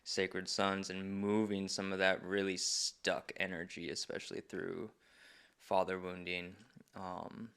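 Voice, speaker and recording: A man's voice: low voice, monotone, a little slow, fairly bright tone, clear, resonant tone. A man who facilitates men's groups, speaking as a podcast guest in an earnest, reflective way. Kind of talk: reflective conversation.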